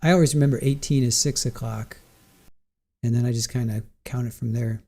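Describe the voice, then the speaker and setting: A host of live trial commentary thinks aloud about testimony on a casual stream, restarting sentences and answering chat questions. His medium-pitched voice is darkish and fairly even, and he speaks briskly.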